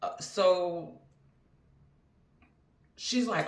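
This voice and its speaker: A woman's voice: lowish voice, slow pace, pauses often, a bit bright. A woman recounts a personal story in a loose, rambling, earnest way, filling gaps with "um" and side remarks. Her voice sits some way off the mic, and the room around it rings noticeably. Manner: rambling, earnest, many fillers and asides. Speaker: vlogger. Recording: roomy, mic at a distance.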